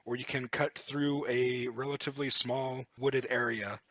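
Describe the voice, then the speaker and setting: Bright, dry-voiced male game master. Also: mid-range voice, moderate pace, no room sound. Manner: relaxed, with frequent "uh" fillers. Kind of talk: narrating a tabletop game.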